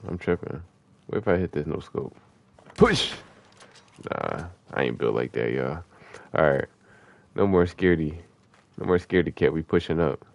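Deep-voiced man streaming gameplay. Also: dry recording, muffled recording. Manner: casual slangy trash talk with sudden excited yelps. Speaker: gaming streamer. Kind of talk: live gameplay commentary.

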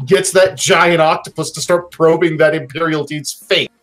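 A man's voice: a little high, steady tone, moderate pace, over music. A man joking crudely and swearing in casual chat with fellow players.

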